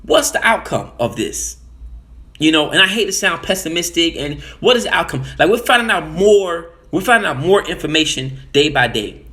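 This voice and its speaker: Bright-voiced man, emphatic and stammering. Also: a little high, big pitch swings, normal speed. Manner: emphatic, repeats phrases, stammers and restarts. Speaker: commentator. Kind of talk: casual political monologue.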